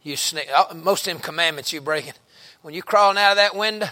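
A man preaching a revival sermon, telling stories in a folksy way and rising into shouted exhortation. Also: a little high, quick pace.

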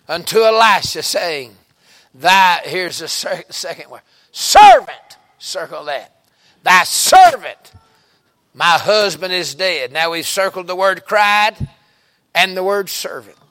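His voice pitched high, a Southern American preacher stands in a church sanctuary giving an impassioned revival sermon. Every so often he bursts out with abrupt shouts and exclamations.

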